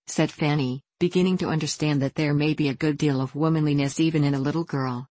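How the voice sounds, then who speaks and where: A woman narrates a classic novel in a measured, steady reading voice. Her pitch sits low. The recording is close and dry, with no room sound. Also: no room sound. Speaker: audiobook narrator.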